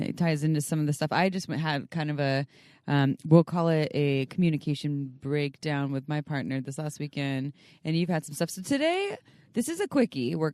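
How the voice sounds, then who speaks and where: A woman's voice: sits low, a little mellow, smooth, no room sound, clean studio sound. A woman co-hosting a casual podcast, talking in an earnest, coaching way with frequent restarts. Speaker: podcast co-host.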